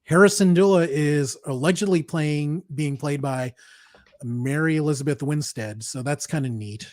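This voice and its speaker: A man's voice: fairly high pitch, moderate pace, darkish tone, dry recording, studio quality. Enthusiastic man co-hosting a podcast. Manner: enthusiastic fan, laughs easily. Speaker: podcast co-host. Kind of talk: casual chat.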